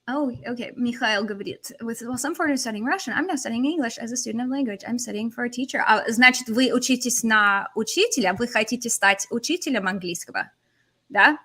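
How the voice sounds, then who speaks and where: A woman teaching a language lesson on a livestream, animated, switching between languages as she explains. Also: on the high side. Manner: animated, switches between English, Russian and Portuguese.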